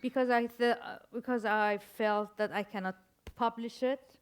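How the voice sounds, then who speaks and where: In a reflective interview, an older Iranian author whose first language is Persian shares stories in accented English, pausing to find her words and adding wry humor. Her voice is fairly high, steady, and clean.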